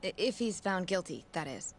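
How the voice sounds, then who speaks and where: A woman's voice: lowish voice, sing-song, moderate pace, slight background noise. A woman voicing a hesitant, cautious young nurse in a video game. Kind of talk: game voice acting.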